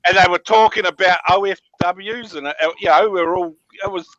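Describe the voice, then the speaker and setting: Man, storytelling, high bright voice, dull lo-fi audio. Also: fairly even intonation, fairly quick, no room sound. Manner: storytelling, laughing asides. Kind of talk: casual group chat.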